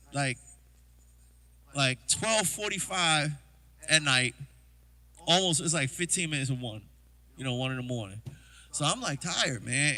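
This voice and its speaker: Bright-voiced man telling gig stories. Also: fairly high pitch. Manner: loose, chatty, full of "you know" asides; acts out quoted exchanges in a hushed voice. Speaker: drummer hosting a livestream. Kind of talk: casual livestream storytelling.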